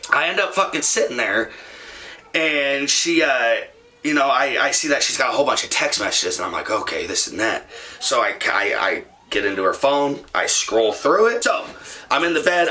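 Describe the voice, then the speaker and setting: Young male vlogger, profane and rambling storyteller, sharp and forceful tone. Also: mid-range voice. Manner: rambling, profane, with many fillers. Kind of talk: casual storytime monologue.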